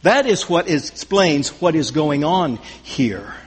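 A man's voice: on the high side, expressive, slow, breathy edge, big-room sound. A man preaching a sermon verse by verse, emphatic and repeating his key phrases. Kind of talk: expository sermon.

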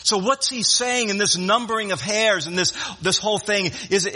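A man's voice: high voice, normal speed, few pauses, sharp tone, husky, big-room sound. A man preaching a sermon in an emphatic way, often repeating words and restarting phrases.

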